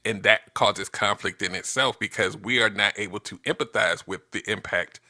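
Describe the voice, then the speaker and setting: Bright-voiced man explaining animatedly. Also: fairly low pitch, moderate pace. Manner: animated, explains with rhetorical questions. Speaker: guest. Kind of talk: casual conversation.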